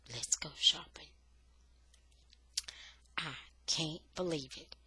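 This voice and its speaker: A woman reading a children's novel aloud for English learners, slow and expressive. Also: fairly low pitch, breathy edge, no room sound.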